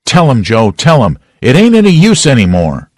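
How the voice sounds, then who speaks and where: A man's voice: mid-range voice, fairly even intonation, normal speed, darkish tone, no room sound, clean studio sound, voice pushed up, close to an everyday voice. A man voicing a terrified, broken accused townsman who pleads tearfully in a storybook reading. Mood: pleading, despairing.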